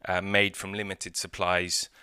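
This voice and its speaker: British man, middle-aged, deep and bright-toned, dry close sound; relaxed speaker who thinks aloud. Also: a little slow, smooth, no room sound. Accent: British English. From Britain. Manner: conversational, thoughtful, with frequent fillers and restarts. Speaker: city architect. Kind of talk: conference talk. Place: outdoor courtyard by historic buildings.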